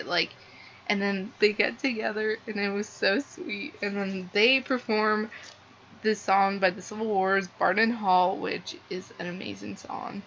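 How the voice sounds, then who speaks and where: Young woman, bright tense voice, rambling book chat, dull lo-fi recording with faint hiss. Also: mid-range voice, steady tone, a little slow. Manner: gushing, rambling, heavy use of "like". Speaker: book reviewer. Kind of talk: casual book review vlog. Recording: slightly dull lo-fi sound with faint noise.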